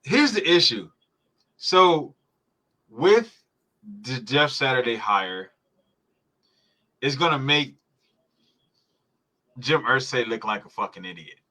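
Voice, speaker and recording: A man's voice: medium pitch, expressive, takes it slowly, pauses often, bright, forceful tone. A man hosting a podcast, reacting live to a football game in a heated, profane rant. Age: adult parent. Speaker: podcast host.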